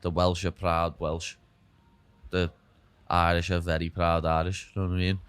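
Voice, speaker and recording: A man's voice: deep voice, little pitch movement, moderate pace, fairly bright tone, smooth, dry recording. A young man from Liverpool with a Scouse accent, chatting as a podcast guest, dropping "lad" and "know what I mean" constantly. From Liverpool, England. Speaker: guest, UFC fighter. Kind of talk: casual chat.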